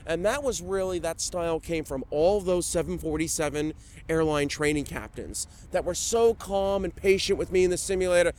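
A man's voice: a little high, normal speed, darkish tone. A man, a flight instructor, talking chattily and with animation in an interview. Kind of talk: enthusiastic interview talk.

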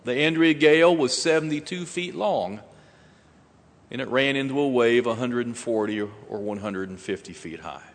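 A man preaching a sermon slowly and deliberately, with dramatic pauses and rising emphasis. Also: mid-range voice, big-room sound.

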